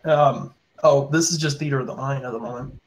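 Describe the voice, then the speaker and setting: A man running a tabletop game as game master, narrating in a casual, halting way with fillers. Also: medium pitch, fairly even intonation, a little hiss or hum, rough recording.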